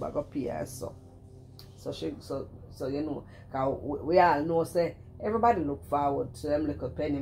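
A middle-aged Jamaican woman talks in a low, mellow voice, running casual commentary. She scolds with animation, repeating her points and breaking into exclamations. Her patois flows loose and conversational. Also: slight background noise. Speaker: vlogger commenting on another streamer.

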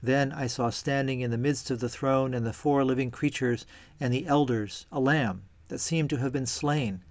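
A man giving a measured, reverent reading of scripture followed by a calm reflection, delivered deliberately for a church series. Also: mid-range voice, no echo. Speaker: church reader and teacher.

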